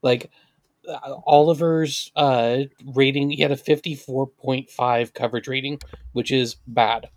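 Blunt, analytical podcast co-host. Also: male voice, mid-range voice, steady tone, unhurried, no echo. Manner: blunt, analytical, confident picks. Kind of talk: casual sports analysis.

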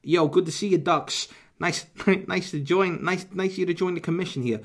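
A man putting on a brash loud New York mobster. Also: high-pitched, moderate pace, pitched above the performer's own voice. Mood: greeting.

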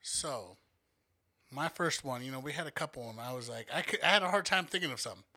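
Profane, lively young man telling a story. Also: mid-range voice, fast talker. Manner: profane, animated storyteller acting out quotes. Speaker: podcast co-host. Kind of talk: casual storytelling chat.

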